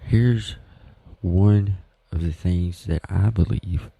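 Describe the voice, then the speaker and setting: Slow, gravelly Southern-accented man. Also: deep voice, no room sound, lo-fi sound. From Southern United States. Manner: rambling, folksy, self-deprecating. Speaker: podcast host. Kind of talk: casual solo podcast talk. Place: home.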